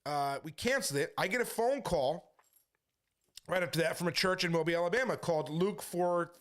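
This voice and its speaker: A man who is a street preacher, briskly telling a story to his viewers and quoting the back-and-forth as he goes. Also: sits high, fairly bright tone. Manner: brisk retelling full of quoted back-and-forth. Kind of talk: casual storytelling monologue.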